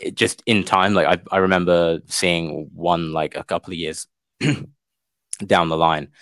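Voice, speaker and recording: A man with a very deep voice, chatting on a podcast and working through his thoughts with many filler words. The recording is dry and close to the mic. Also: steady tone, unhurried, a bit bright, no room sound. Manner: thinks aloud, hedging with filler words. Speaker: podcast co-host, former teacher. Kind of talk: casual podcast chat.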